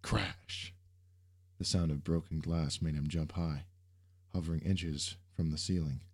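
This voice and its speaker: Low-voiced man narrating a story. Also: moderate pace, husky. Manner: steady storytelling. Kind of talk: audiobook narration.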